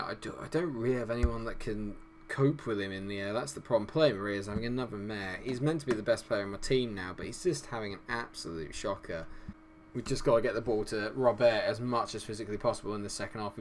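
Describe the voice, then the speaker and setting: A man's voice: lowish voice, quick pace, a little hiss or hum. A young man commentating casually on his own football management game, swearing freely and cheering and groaning at the action. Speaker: gaming YouTuber.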